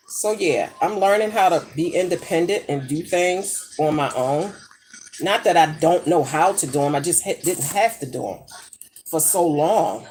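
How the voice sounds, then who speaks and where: A woman's voice: low voice, lively intonation, moderate pace, a little mellow, a little hiss or hum. A middle-aged woman chatting casually while she cooks in her home kitchen, brash and profane as she tells gossipy stories. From United States. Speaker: vlogger. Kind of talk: casual chat while cooking.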